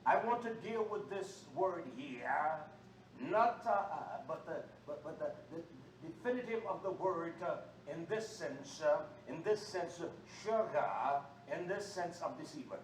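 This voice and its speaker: Preacher, male, high voice, fiery call-and-response sermon, recorded far off in an echoey room with faint noise. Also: lively intonation, measured pace. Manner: preaching with call-and-response, swinging from low talk to shouting.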